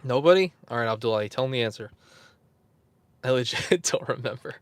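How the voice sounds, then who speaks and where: A man's voice: medium pitch, lively intonation, brisk, no echo. A man hosting a casual livestream, rambling, chuckling and answering viewers in the chat. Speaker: YouTube host.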